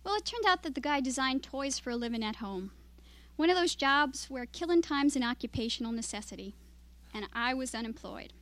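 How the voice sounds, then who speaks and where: A woman writer reading her own fiction aloud at a literary evening, in steady, measured storytelling. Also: sits high, no echo.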